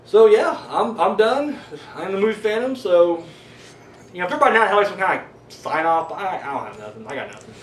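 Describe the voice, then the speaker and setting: A man's voice: high-pitched, very animated, fairly quick. Guy rambling through a horror review, swears a lot, lots of "you know", kinda far off the mic with faint background hum. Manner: rambling, swears freely, many fillers. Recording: echoey room, voice a bit far from the mic.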